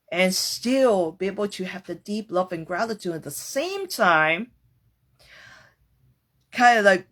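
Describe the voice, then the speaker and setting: A woman's voice: mid-range voice, a bit bright. A woman hosting a podcast, talking through a reflective personal monologue in an earnest, searching way, casual and with the odd swear word. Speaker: podcast host.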